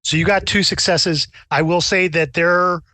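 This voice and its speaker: Male GM, slightly high voice, relaxed rule explanations, dry sound. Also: moderate pace, no echo. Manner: casual, explains rules patiently. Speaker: game master. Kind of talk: running a tabletop game.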